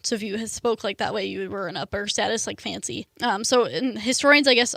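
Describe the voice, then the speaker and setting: A woman's voice: on the high side, creaky, a bit bright, no echo, studio quality. A young adult woman hosting a student radio show, talking casually with lots of fillers like "like" and "um". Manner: chatty, lots of "like" and "um".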